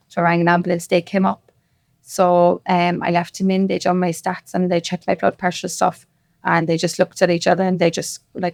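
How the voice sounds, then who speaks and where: A woman's voice: fairly low pitch, little pitch movement, creaky, a little mellow, dry recording, studio quality. A woman with a Cork accent, a podcast guest telling her story casually, quoting other people's words as she goes. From Ireland. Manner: rapid, with quoted dialogue. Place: podcast studio.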